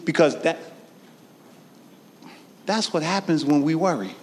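A man a sermon, calling out to his congregation and swinging from shouted lines to hushed ones. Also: on the high side, measured pace, slight background noise. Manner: call-and-response preaching, swinging from shouts to near-whispers. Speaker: preacher. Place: church sanctuary. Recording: long reverb of a large hall.

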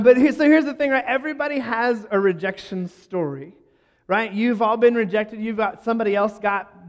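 Man, high voice, self-deprecating storyteller, live audience talk, long hall reverb. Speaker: speaker addressing a live audience. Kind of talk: humorous talk to a crowd.

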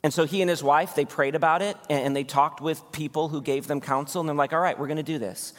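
A man's voice: on the high side, steady tone, fast talker. A man preaching a sermon as pastor, impassioned, his voice climbing on key points. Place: church sanctuary. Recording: long hall reverb.

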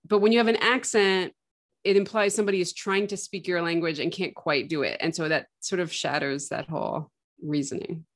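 A woman's voice: on the low side, fairly even intonation, brisk. A woman co-hosting a podcast, chatty and thinking aloud with lots of filler "like"s. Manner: chatty, musing aloud with many "like"s. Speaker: podcast co-host. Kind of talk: casual chat.

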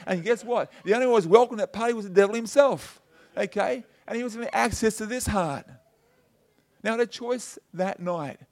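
This is a middle-aged male pastor with a notably high-pitched voice. He preaches in a loose, chatty way, telling personal stories and leaning on "you know" and "okay?" to keep the congregation with him. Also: brisk. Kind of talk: conversational sermon.

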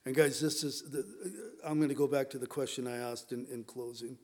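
A male pastor preaching a sermon in a conversational, animated way, often acting out quotes. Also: mid-range voice, a little fast.

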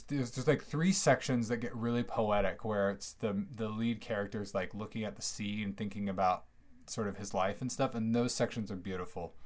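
A man hosting a solo podcast from home, chatting in a rambling, digressive way with many fillers and bursts of enthusiasm. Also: on the low side. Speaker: podcast host. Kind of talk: casual solo podcast monologue. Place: at home near a fridge.

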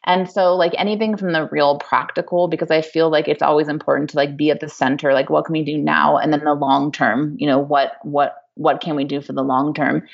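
A woman's voice: low-pitched, flat delivery, a little fast, gravelly, hardly any pauses. A woman hosting a podcast, talking earnestly and casually with lots of "like" and "you know". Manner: earnest and talkative, many "like" and "you know" fillers. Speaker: podcast host. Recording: slightly dull, lo-fi.

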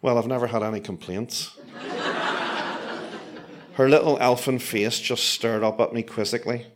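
A man telling a comic personal story with dry, self-mocking, deadpan asides. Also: medium pitch, normal speed, pauses often.

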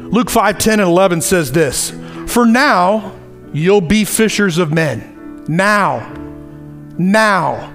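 A man preaching a sermon in a conversational, animated way, acting out little asides as he goes. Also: high voice.

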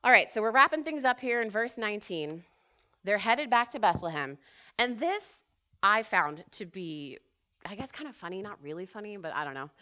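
A woman giving a casual, animated sermon to a church group, chatty and full of fillers, often asking her listeners questions. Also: mid-range voice, moderate pace. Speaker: church speaker. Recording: dull lo-fi recording.

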